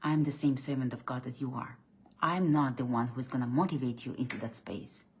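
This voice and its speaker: A woman giving a blunt, preachy faith talk as a spiritual coach, swinging from loud emphatic bursts to low quiet lines, often restarting and repeating words. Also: steady tone, fairly quick, slight background noise.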